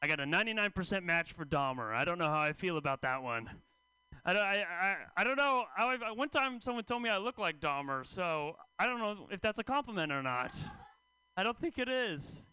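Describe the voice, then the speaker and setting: A man's voice: high voice, lively intonation, a little fast, pushed and bright, clear, resonant tone, no echo, poor audio. A man doing a stand-up comedy set on a club stage in a dry, conversational way. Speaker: stand-up comic.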